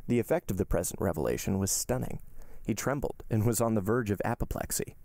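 A man narrating a classic novel aloud as a podcast host, in a steady, measured reading. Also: on the low side, no room sound, clean studio sound. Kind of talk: audiobook narration.

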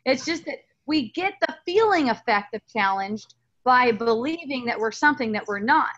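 High bright woman, earnest and rambling. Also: expressive, normal speed, highs cut off. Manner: earnest, rambling, with frequent restarts and fillers. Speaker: spiritual teacher. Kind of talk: casual spiritual dialogue.

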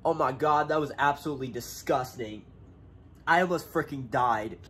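Congested teen guy, home vlog, handheld cam, loud rambling delivery. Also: mid-range voice, moderate pace, a little hiss or hum. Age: young adult. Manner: rambling, filler-heavy, talking extra loud. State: sick and congested. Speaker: vlogger. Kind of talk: casual vlog. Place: home, indoors. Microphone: handheld camera.

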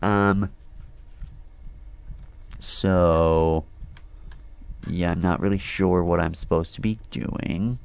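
A gaming host works through a horror game very slowly, talking to himself with long pauses in a low, steady, gravelly voice that is darkish yet clean in tone. His casual commentary is jumpy and full of swearing and nervous laughter.

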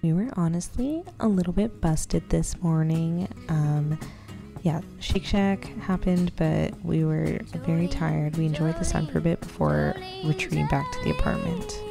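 A woman's voice: low-pitched, sing-song, normal speed, vocal fry. Chatty young woman vlogging over music. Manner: chatty, upbeat, filler-heavy. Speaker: travel vlogger. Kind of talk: casual vlog narration to camera. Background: background music.

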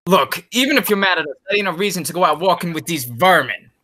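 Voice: mid-range voice, lively intonation, fast talker, bright, forceful tone, slight background noise. A teenage student actor reading a cocky, sneering rich boy who mocks and laughs at others. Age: teens. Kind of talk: school play read over a video call.

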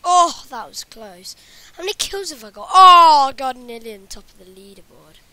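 A woman's voice: high-pitched, animated, normal speed, bright, forceful tone. A woman talking over her gameplay in a rambling way, often dropping into whispers. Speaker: gaming channel host. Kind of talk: gameplay commentary.

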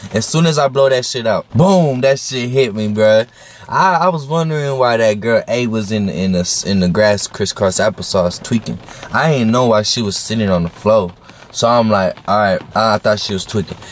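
A man's voice: on the low side, a little hiss or hum. A young man casually telling a story to camera, slangy and profane, with plenty of fillers. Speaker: vlogger.

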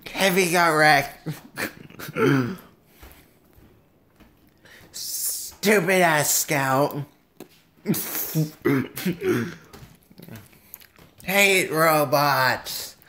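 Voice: medium pitch, drawn-out words, long pauses, sharp tone. A reaction video host giving profane, mocking commentary in a put-on voice, laughing often. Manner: doing a put-on voice. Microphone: headphones with a desk mic.

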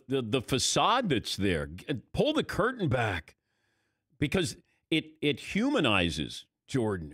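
A man hosting a sports talk radio show, animated and casual, often restarting his sentences. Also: mid-range voice, no echo, studio quality.

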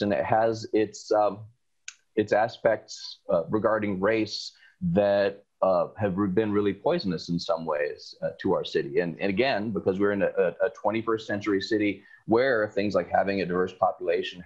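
A man's voice: lowish voice, a little mellow, husky, highs cut off. A man, answering interview questions at length in a lecturing, wry, sarcastic way. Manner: sarcastic, lecturing, thoughtful pauses. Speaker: local historian guest. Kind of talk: conversational interview.

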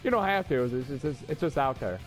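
A man loudly trash-talking and swearing while commenting on his online match, often breaking into shouts. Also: mid-range voice, expressive, a little fast. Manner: loud, brash, swearing, swings into shouting. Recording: loud game music under voice. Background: loud game music.

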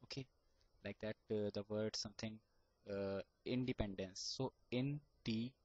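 A man with an Indian English accent talks straight to camera in a low voice, earnest and repetitive. He stretches words out syllable by syllable to demonstrate. The recording is muffled and dry, with no room sound. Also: fairly even intonation, moderate pace, a little mellow, no echo. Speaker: vlogger giving advice on stammering. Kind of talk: casual advice talk to camera.

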